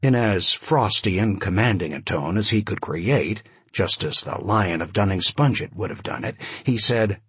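A man narrating an audiobook in a vivid, expressive storytelling manner. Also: fairly low pitch, moderate pace, hardly any pauses, husky, no echo. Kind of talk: scripted narration.

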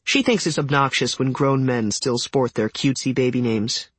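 Husky man narrating an audiobook. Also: mid-range voice, normal speed, a bit bright, no echo. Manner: wry, conversational storytelling. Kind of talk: scripted first-person narration.

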